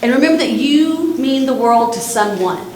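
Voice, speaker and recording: A middle-aged woman with a Texan accent talks to young people in an earnest, repetitive, direct way, her voice set a little high. She is recorded in an echoey church hall with faint room ambience. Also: lively intonation, moderate pace, darkish tone, a little hiss or hum. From Texas. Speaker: suicide prevention speaker. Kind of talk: talk to church students.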